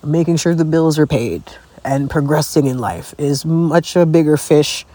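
A woman's voice: low-pitched, normal speed, dark tone, no room sound. A young adult woman hosting her own podcast, venting in a profane, exasperated, comic solo rant. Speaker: podcast host.

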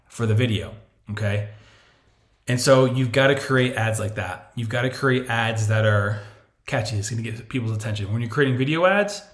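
A man hosting a podcast, giving casual marketing advice and acting out imagined clients in voices. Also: mid-range voice. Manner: animated, chatty, acts out imagined clients in voices. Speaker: podcast host. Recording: echoey room.

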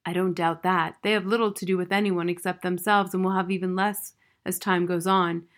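A woman reading the lines of a wise, formal male owl in a grave, measured manner. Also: on the low side, level tone, close to an everyday voice. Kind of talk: audiobook reading.

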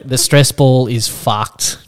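A man spins a rambling anecdote in casual podcast chat. He swears often and slips into lively impressions of the people he quotes. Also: medium pitch, takes it slowly, clear, resonant tone. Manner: animated, swears freely, acts out quoted voices. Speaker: podcast host.

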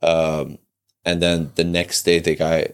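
Young guy w a really deep low voice, rambly podcast storytelling, tons of "like", swears a lot. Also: little pitch movement, takes it slowly, smooth. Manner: rambling, heavy on "like" fillers and swearing. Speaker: podcast co-host. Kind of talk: casual storytelling chat.

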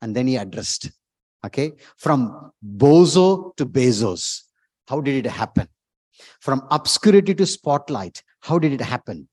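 A man preaching a sermon as pastor, emphatic, repeating words and rising to loud exclamations. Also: medium pitch, sing-song, measured pace, husky, dry recording.

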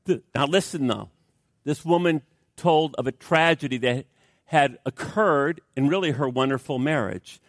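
An emphatic preacher giving a sermon, his voice pitched a little high for a man. He tells a story and leans hard on key words, often turning to ask his listeners questions. The sound is dry and close, with no echo. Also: moderate pace. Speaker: pastor.

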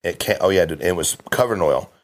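Here a middle-aged insurance agent chats casually as a podcast guest, his low voice rising and falling in lively intonation. His stories come out fast and emphatic, with plenty of restarts.

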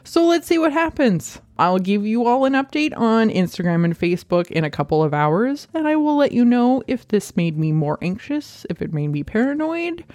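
A woman hosting her own podcast in casual chat, excitable and scattered, swearing freely as she talks. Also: mid-range voice, moderate pace, hardly any pauses, no room sound. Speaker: podcast host.

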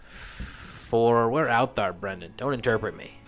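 A man's voice: medium pitch, a little slow, faint music behind, lightly acted. A man playing a sleepless, frantic coach who lectures defensively about his writing.

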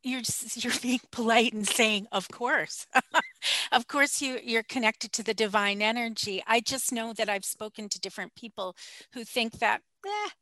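A woman conducts an interview with an eager, enthusiastic manner and ready laughter. Her voice is bright and forward. The recording is dry, with no room sound around her. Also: on the high side, fairly even intonation, normal speed, dry recording.

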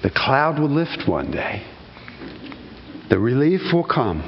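A man preaching a sermon, telling a story with loud, excited exclamations and later praying in a hushed voice. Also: medium pitch, takes it slowly, gravelly, a little hiss or hum. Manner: animated storytelling, exclaims loudly, then hushed prayer. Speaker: pastor. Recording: long hall reverb, dull sound.

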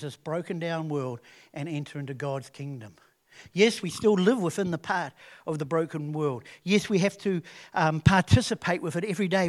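A man preaching with a fairly high voice. He talks earnestly and conversationally, restarting phrases and swelling louder on key points. It sounds like a pastor addressing his congregation. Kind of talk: sermon.

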